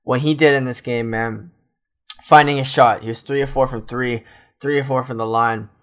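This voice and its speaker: Excited man gushing over a win. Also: mid-range voice, normal speed, clean tone. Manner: animated, says "man" constantly; reads out stat lines. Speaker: fan recapping a basketball game. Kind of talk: excited solo fan recap.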